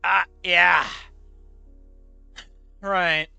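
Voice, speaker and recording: A streamer chatting casually over a game, cursing and laughing in excitable outbursts, with faint music behind. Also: mid-range voice, extremely slow, creaky, smooth, no echo. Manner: profane, giggly, excitable outbursts. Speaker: let's play streamer. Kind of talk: casual game commentary and reading aloud.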